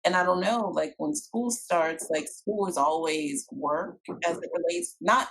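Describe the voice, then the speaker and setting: A middle-aged woman, a guest coach, chatting on a podcast and telling stories with animated acted-out dialogue. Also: on the low side, a little slow, slightly rough, rough recording. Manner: animated storytelling, acts out quoted dialogue. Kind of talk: casual podcast chat.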